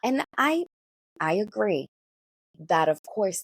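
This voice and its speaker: A woman doula giving parenting advice in a coaching manner, often checking in with listeners and swinging her pitch and pace expressively. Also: big pitch swings, measured pace, vocal fry, a little mellow, husky, dry recording.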